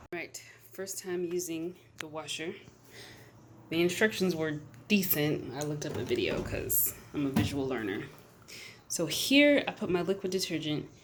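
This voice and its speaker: Lower-voiced woman with dry humor. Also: slight background noise. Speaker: vlogger and mother. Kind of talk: casual vlog narration. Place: indoor quarantine apartment.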